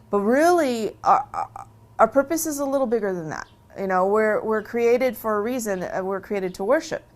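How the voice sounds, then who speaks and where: A woman's voice: mid-range voice, animated, normal speed. A woman who converted to Islam tells her story in a casual interview, earnest and emphatic, often repeating a phrase for stress.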